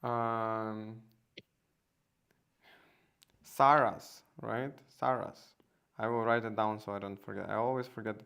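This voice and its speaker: A man's voice: lowish voice, little pitch movement, normal speed, gravelly, few pauses, fairly bright tone, clean tone. A man hosting a casual live stream, talking hesitantly with many fillers and restarts. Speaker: host.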